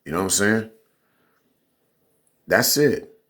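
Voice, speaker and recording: A man's voice: lowish voice, expressive, slow, fairly bright tone. A man giving a casual, rambling opinion monologue as a vlogger, often checking in with "you know what I'm saying".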